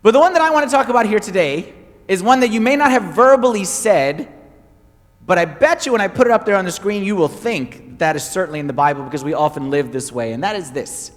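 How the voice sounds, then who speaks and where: A man preaching a sermon as pastor, telling stories with animated, emphatic repetition. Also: high-pitched, fast talker, big-room sound.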